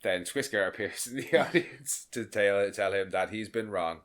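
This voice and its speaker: A man's voice: lowish voice, a bit bright. A man co-hosting a podcast, chatting casually about a cartoon episode and often laughing and slipping into character voices. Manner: laughing, jumps into quick impressions of characters. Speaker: podcast co-host.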